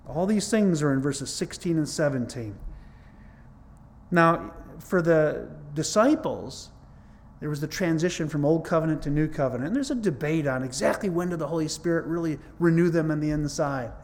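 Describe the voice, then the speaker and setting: Male pastor, slightly higher voice, casual yet emphatic sermon delivery. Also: animated, normal speed, a little mellow. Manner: conversational, emphatic, rises in pitch to stress points. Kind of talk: sermon teaching.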